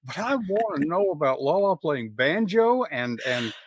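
A man's voice: sits high, very animated, moderate pace, husky, no echo, studio quality. A middle-aged man with a Southern US accent hosting a podcast interview in a folksy, chatty way, often restarting his sentences. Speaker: podcast host. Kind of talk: casual interview chat.

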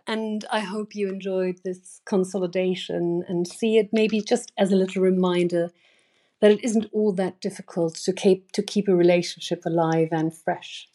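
A woman's voice: medium pitch, a little mellow. A woman hosting and reading her own newsletter aloud, earnest and emphatic, with sudden stressed words, in her bedroom. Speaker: newsletter host.

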